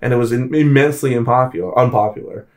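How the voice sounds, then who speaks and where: A man speaking as a podcast guest in casual chat, animated and emphatic, swearing and acting out quotes. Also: mid-range voice, quick pace.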